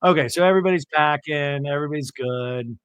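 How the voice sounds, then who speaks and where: Male podcast host, chatty and wry, slightly higher voice, dry close sound. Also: quick pace, a bit bright, smooth, no room sound. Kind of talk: casual recap commentary.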